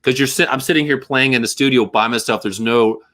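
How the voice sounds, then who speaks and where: A man's voice: mid-range voice, fairly quick, sharp tone. A man who is a musician guest, talking casually in a rambling, self-mocking way, full of fillers and asides. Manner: rambling, self-mocking, breaks into goofy voices. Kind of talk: casual podcast chat.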